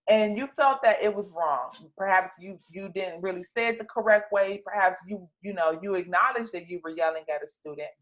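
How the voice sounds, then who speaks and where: A woman's voice: medium pitch, lo-fi sound. A woman explaining classroom teaching methods to other educators, in a chatty way with many fillers and restarts. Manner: conversational, many fillers and restarts, repeats key words. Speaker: teacher trainer. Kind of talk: instructional talk.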